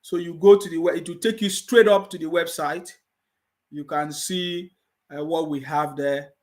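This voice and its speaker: A man's voice: on the high side, steady tone, normal speed, a little mellow. A man with a Nigerian English accent hosting a live stream, reading viewer comments and scolding his critics with repeated mocking taunts. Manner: reads viewer comments aloud.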